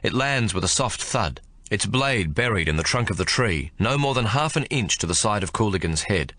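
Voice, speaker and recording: A male audiobook narrator tells the story with animated pitch and a forward, bright voice. His voice sits fairly low. The recording is close and dry. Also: moderate pace, dry recording. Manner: expressive storytelling with lively pitch. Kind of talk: scripted narration.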